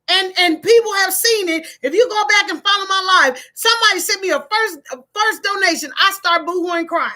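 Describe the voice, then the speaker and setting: High, bright, preachy woman. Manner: preachy, emphatic, in Black American vernacular. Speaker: online talk host. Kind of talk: live-stream motivational talk.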